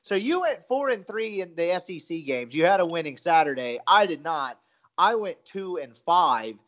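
A man's voice: a little high, big pitch swings, moderate pace, fairly bright tone. A man co-hosting a sports betting podcast in casual, self-deprecating, rambling chat. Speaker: podcast co-host.

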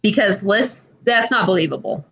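A woman co-hosting a casual podcast, telling an animated story peppered with swearing and filler words. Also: medium pitch, moderate pace, gravelly, rough recording. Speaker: podcast co-host. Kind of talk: casual chat.

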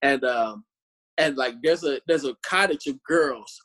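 A man, a Christian musician, telling stories in a casual chat, animated and fond of repeating words. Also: medium pitch, a little slow. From born in Chicago, raised in Omaha. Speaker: Christian musician and street preacher.

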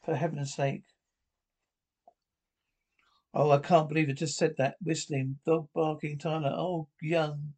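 A man's voice: a little high, little pitch movement, normal speed, a little mellow. Man reading a drama aloud, cues and all. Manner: announces sound cues and speaker tags between lines.

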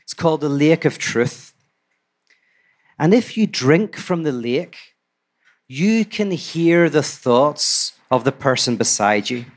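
A man's voice: a little high, lively intonation, takes it slowly. A man voicing a slimy male frog who is foreman, in a told fairy tale, with a chummy, coaxing way of talking.

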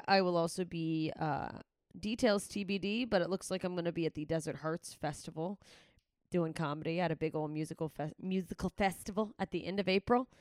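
A woman's voice: on the low side, clear, resonant tone, dry recording, clean studio sound. A woman comedian signing off her podcast in a candid, rambling way, swearing freely as she chats. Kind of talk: casual podcast sign-off chat.

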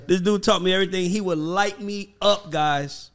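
A man hosting a casual podcast, telling animated stories and acting out quotes. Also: high voice, normal speed. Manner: animated storyteller, acts out quotes. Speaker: podcast host. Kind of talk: casual chat.

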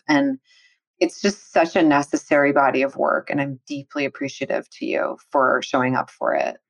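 A low-pitched woman hosts a podcast and speaks with warm, effusive appreciation for her guest. She talks conversationally and laughs often between her remarks. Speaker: podcast host, therapist. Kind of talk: conversational interview.

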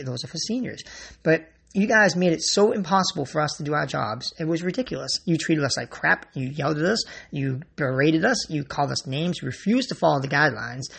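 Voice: medium pitch, gravelly, fairly bright tone, husky. A grocery store worker giving a blunt, exasperated rant to the camera and swearing freely. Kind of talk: ranting monologue to camera.

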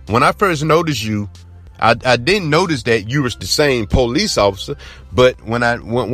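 A man's voice: mid-range voice, a bit bright. A man from Georgia with a Southern accent, earnestly telling a personal story in a rambling, repetitive way. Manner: earnest, rambling, repeats himself. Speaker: podcast host. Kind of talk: casual spoken storytelling.

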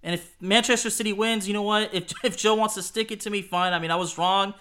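High bright-voiced man chatting football picks. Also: steady tone, fast. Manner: hesitant, repeats words, laughs often. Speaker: podcast co-host. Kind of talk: casual football prediction chat.

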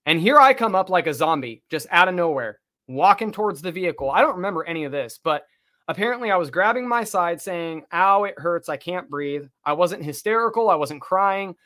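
A man telling a story in casual chat, animated, swearing freely and acting out what people said. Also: high voice, a little fast. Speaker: podcast guest telling a story.

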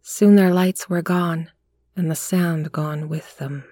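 Slow, low-voiced woman narrating a story. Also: steady tone, dry recording. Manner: measured, hushed storytelling. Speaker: audiobook narrator.

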